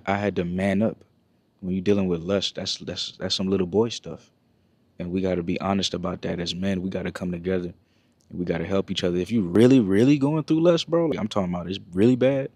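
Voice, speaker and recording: A man's voice: fairly low pitch, a little mellow. A man hosting a motivational talk, speaking in a direct, preachy way. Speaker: host.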